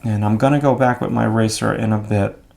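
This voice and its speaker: A man explaining his drawing steps out loud as he works, in a relaxed, thinking-aloud way. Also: on the low side, quick pace, gravelly. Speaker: art instructor. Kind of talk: drawing demonstration.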